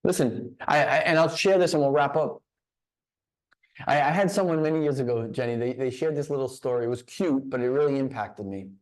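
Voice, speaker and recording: Speaking fairly quickly at a medium pitch, a man tells a story during a motivational talk where he's a guest at a business leadership session. He restarts a lot and repeats words as he opens his phrases.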